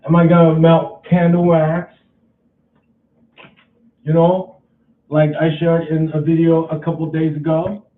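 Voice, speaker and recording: A man's voice: a little high, monotone, echoey room, recorded from a distance, narrow, tinny audio. A man casually vlogging at home, rambling and restarting his sentences as he talks through a chore. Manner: rambling, repeats himself, halting restarts.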